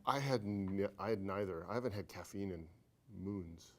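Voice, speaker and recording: A man teaching an accounting class, talking fast and joking with students, his throat dry from talking. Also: low voice, darkish tone. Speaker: accounting instructor. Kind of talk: classroom lecture.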